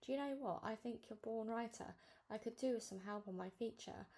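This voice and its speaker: A woman's voice: fairly high pitch, fairly quick, warm tone, close to an everyday voice. A woman reading as an easygoing lady journalist. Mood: breezy. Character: friendly adult woman journalist, easygoing and late. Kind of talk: storybook read-aloud.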